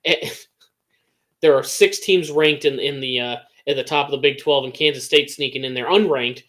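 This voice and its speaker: A young man with an American Midwest accent co-hosting a casual sports podcast, talking excitedly and rambling with lots of restarts. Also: medium pitch, normal speed. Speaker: podcast co-host.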